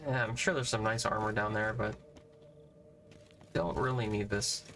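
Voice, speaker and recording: Let's-play commentator, man, slightly low voice, offhand rambling, faint music behind. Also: flat delivery, moderate pace, fairly bright tone. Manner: musing aloud, offhand and rambling. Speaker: gamer playing through a video game.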